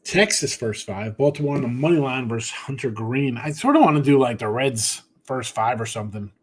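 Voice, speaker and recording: A man's voice: mid-range voice, brisk, breathy edge. A man hosting a sports betting podcast, chatting casually and reading viewer comments, tired after a short night. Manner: rambling, offhand, talks to chat by name. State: tired, yawning.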